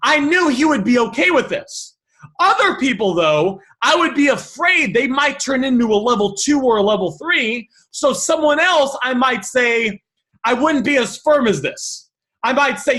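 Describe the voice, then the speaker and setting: A man teaching negotiation by walking through message examples, animated and thinking aloud with quick restarts. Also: very high voice. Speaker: negotiation coach.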